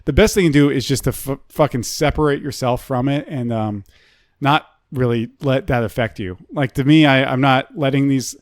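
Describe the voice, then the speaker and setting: A man's voice: medium pitch, normal speed, dry recording, clean studio sound. A man, a comedian, talking through his views in loose podcast banter, swearing freely and often restarting his sentences.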